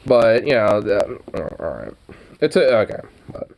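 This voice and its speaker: A man's voice: on the low side, big pitch swings, unhurried, creaky, darkish tone. A man casually commenting on an old newspaper, rambling with lots of fillers, laughing and swearing.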